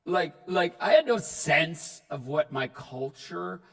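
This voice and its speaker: A man giving a comedic keynote talk, telling stories in an animated way and shouting punchlines. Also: a little high, takes it slowly, vocal fry, breathy edge, far from the mic. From Newfoundland, Canada. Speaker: keynote speaker. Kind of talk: comedic storytelling speech. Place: large hall before an audience. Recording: reverberant hall, speaker off-mic.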